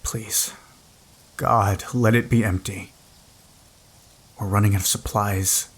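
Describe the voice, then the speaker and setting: A man's voice: fairly low pitch, fairly even intonation, takes it slowly, husky, full character voice. A man voicing a desperate, tender father of two in an audio drama. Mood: worried. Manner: gentle and soothing with children, pleading with strangers.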